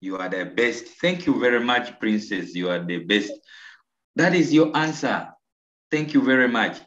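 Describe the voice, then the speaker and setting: A Ugandan man teaching an online English lesson, slow and coaxing, repeating answers and praising his pupils. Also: mid-range voice, lively intonation, fairly bright tone. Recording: roomy, dull lo-fi video call audio.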